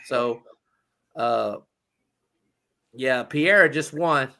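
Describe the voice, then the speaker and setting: A man's voice: mid-range voice, bright, forceful tone. A man co-hosting a podcast, talking sports casually and rambling, with lots of fillers and restarts. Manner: rambling, halting with many fillers. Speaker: podcast co-host. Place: live-streamed podcast.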